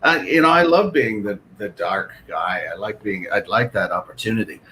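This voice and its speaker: A man's voice: on the low side, moderate pace, slight background noise, rough recording. A man who is a guest actor, chatting casually on a video call and telling self-deprecating stories with lots of energy. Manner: animated, self-deprecating storytelling. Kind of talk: casual chat.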